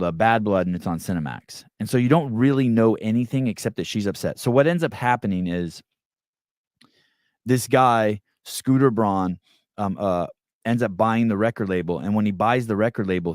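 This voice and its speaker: A man's voice: fairly low pitch, normal speed, dry recording, clean studio sound. A man hosting a podcast, retelling a story in a loose, rambling way with many restarts. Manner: rambling, restarts often, acts out quotes. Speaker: podcast host. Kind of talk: casual monologue.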